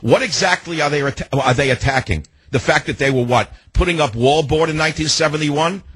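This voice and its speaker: An older man with a slightly husky, somewhat bright voice on the high side hosts a call-in radio talk show. He rants fairly quickly with indignant emphasis and keeps firing rhetorical questions at listeners. The recording is dry and close.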